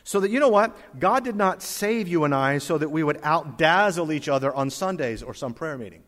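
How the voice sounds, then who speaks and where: Male preacher mid-sermon, emphatic delivery with sudden drops to a hush, recorded in a reverberant hall. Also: fairly high pitch, lively intonation, a little fast. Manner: emphatic, swings from loud to soft, reads scripture aloud. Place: church hall with congregation.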